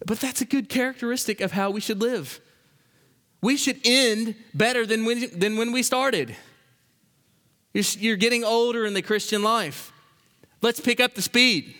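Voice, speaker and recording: A man preaching a sermon as a pastor, impassioned, swinging between loud exhortation and quiet emphasis. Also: very high-pitched, normal speed. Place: church sanctuary. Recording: long hall reverb.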